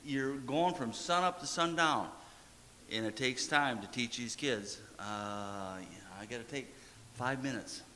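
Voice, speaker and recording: Folksy preacher in a reverberant church. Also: male voice, mid-range voice, bright, forceful tone. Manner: folksy, plain-spoken, repeats short commands. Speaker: pastor. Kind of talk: sermon. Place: church sanctuary.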